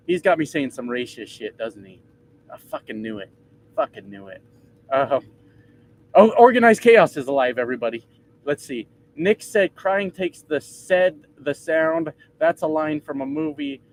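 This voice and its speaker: A man chats with his livestream viewers from the cab of the truck he's driving, reading comments, joking, swearing, and rambling. His voice is on the high side, and the poor audio carries a little hiss or hum.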